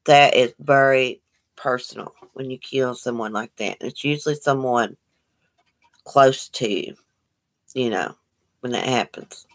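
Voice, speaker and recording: A woman's voice: a bass voice, a little slow, pauses often. A woman hosting a casual livestream, greeting viewers by name and chatting about their comments. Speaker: livestream host.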